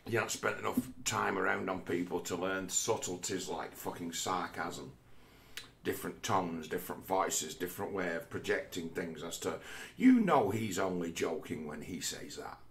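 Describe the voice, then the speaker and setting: Low gravelly male vlogger, a rambling and profane talker who philosophizes on camera. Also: moderate pace, fairly bright tone. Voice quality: heavy swearing, restless restarts.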